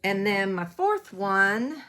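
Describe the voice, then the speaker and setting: This cross-stitch vlogger has a mid-range, sing-song voice with a sharp tone, and she takes things slowly. In a relaxed show-and-tell, she rambles about her stitching projects, self-deprecating and peppered with ums.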